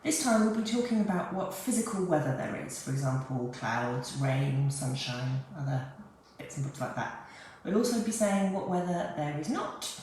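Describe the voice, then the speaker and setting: A woman teaching a beginner French lesson, speaking clearly and patiently, repeating phrases slowly. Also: sits low, lively intonation, darkish tone, echoey room, slight background noise, rough recording.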